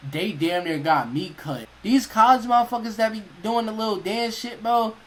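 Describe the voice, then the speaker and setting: A young man with a slightly high voice tells a story on his stream, animated and full of slang, jumping into the voices of the people in it. A faint hum of room noise sits under his talk. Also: normal speed, poor audio. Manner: animated, profane, slangy, acts out quotes. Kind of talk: casual storytelling.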